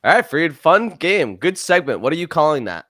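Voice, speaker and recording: A young man co-hosting a podcast, chatting casually in an energetic, playful way. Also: a little high, moderate pace. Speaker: podcast co-host.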